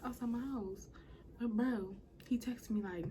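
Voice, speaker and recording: A woman's voice: on the high side, a little slow, warm tone, a little hiss or hum. A young woman vlogger telling a storytime in a casual, chatty way, with a lot of "like". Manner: chatty, lots of "like".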